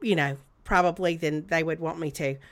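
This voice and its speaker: A woman's voice: sits low, fairly even intonation, moderate pace. A middle-aged woman co-hosting a podcast in casual chat, making wry, playful asides. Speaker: podcast co-host.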